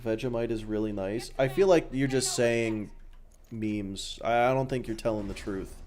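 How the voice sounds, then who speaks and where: A man's voice: mid-range voice, normal speed, darkish tone. Young Aussie streamer, easygoing and jokey, cursing casually while he plays. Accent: Australian. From Australia. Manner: laid-back, joking, swears freely, chats with viewers. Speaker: game streamer. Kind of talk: casual chat while gaming.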